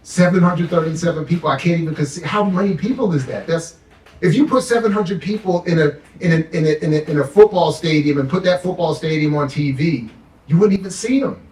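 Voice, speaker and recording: Sarcastic fired-up guy ranting about money and power, highish voice, echoey room. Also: a little fast, a little mellow, far from the mic. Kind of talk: impassioned political talk. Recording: roomy, off-mic sound.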